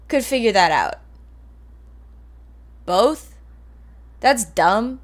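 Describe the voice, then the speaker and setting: A young woman streamer talks to her chat in a slow, easygoing way. Her pitch sits in the middle range, and her chatter is rambling and playful with casual swearing. She sounds like she is in her twenties. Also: fairly bright tone.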